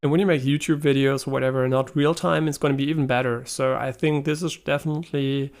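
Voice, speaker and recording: A man's voice: mid-range voice, steady tone, fast, vocal fry. A man streaming casually, upbeat and chatty, with some restarts. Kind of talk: casual livestream chat.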